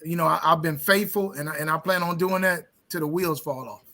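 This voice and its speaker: A man's voice: a little high, brisk, pushed and bright, a little hiss or hum. A man in his fifties, a pastor, talking earnestly and emphatically in a casual interview.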